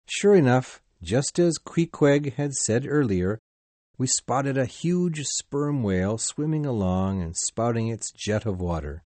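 A man narrates a storybook aloud with deliberate, expressive storytelling. He speaks slowly and lets his pitch rise and fall widely. The close recording is dry, with no room sound. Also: no echo. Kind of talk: scripted audiobook narration.

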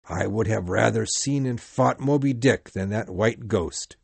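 A man voicing a grim, uneasy male ship's mate who speaks gravely in an audiobook reading. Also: on the low side, a little slow, dry recording, exaggerated voice. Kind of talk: audiobook character voice.

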